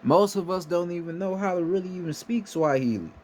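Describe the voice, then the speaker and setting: A man's voice: sits high, brisk, a little mellow, slight background noise. A man from the United States giving a casual, emphatic monologue, swearing freely and often asking "right?" to drive his points home. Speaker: spiritual commentator.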